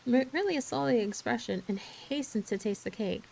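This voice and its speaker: A woman streamer reading a classic children's novel aloud in a steady, expressive way. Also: a little high, normal speed, gravelly, slight background noise, rough recording. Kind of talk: storybook read-aloud.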